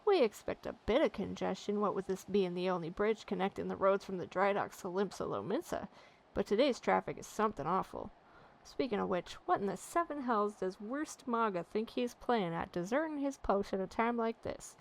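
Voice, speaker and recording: A woman voicing a gruff, salty game bridge guard who grumbles in old sailor dialect. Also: medium pitch, animated, moderate pace, poor audio. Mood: grumbling.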